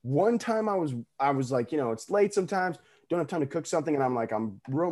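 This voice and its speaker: A man's voice: fairly high pitch, lively intonation, quick pace, hardly any pauses, darkish tone, faint music behind. A young American man co-hosting a casual podcast chat, telling stories animatedly and acting out quotes with some swearing. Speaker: podcast co-host.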